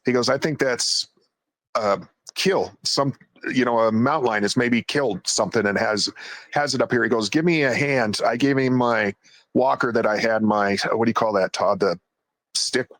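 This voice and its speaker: A man's voice: medium pitch, moderate pace, no echo. A man casually recounting a night in the woods, jumping into quoted voices as he goes. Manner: animated retelling, acts out quoted voices. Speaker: guest storyteller. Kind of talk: casual storytelling.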